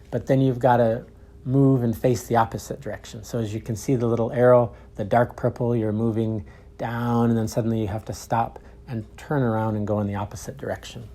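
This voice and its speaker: A man teaching English, with clear, deliberate repeat-after-me drills. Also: medium pitch, a little mellow. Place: outdoors in a park.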